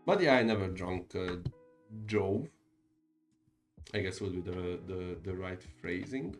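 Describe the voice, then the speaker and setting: Casual art streamer, man in his thirties with a deep voice, rambling and hesitant, sitting back from the mic with faint music behind. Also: expressive, unhurried, distant mic. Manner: rambling, hesitant, corrects himself mid-sentence. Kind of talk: casual chat while drawing on stream.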